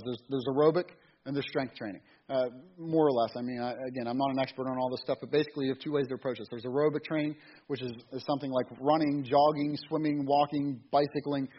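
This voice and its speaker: Fast rambling man giving a casual sermon. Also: a little high, slightly rough. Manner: rambling, repeats words and restarts, folksy. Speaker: church speaker. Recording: dull lo-fi recording with faint hiss.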